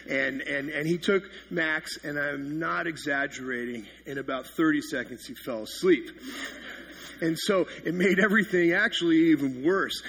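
A man's voice: on the high side, moderate pace, fairly bright tone, a little hiss or hum. A man in his thirties, a pastor giving a sermon that opens with funny, self-mocking stories. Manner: self-deprecating storytelling with comic exaggeration.

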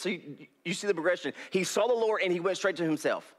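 A young male preacher, giving a folksy, animated sermon in a church hall on a headset mic and laughing often. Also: sits high, fairly quick, few pauses.

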